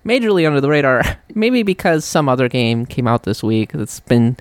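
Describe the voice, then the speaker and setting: A woman's voice: extremely low pitch, moderate pace, no echo. A woman hosting a casual podcast chat, wry and teasing. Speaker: podcast host.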